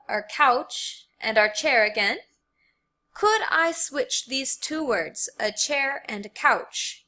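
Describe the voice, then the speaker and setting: An American woman with a slightly high, pushed, bright voice teaches an English grammar lesson. She explains slowly and carefully, repeating key words for the learners.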